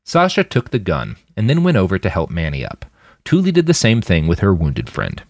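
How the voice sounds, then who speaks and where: A man narrating a thriller audiobook in an expressive, dramatic manner. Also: low-pitched, brisk, no echo, studio quality. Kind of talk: scripted narration.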